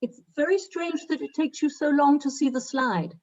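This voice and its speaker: A woman hosting an online meeting, talking haltingly with many fillers while she sorts out settings on a video call. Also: high-pitched, darkish tone, muffled recording. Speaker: event host.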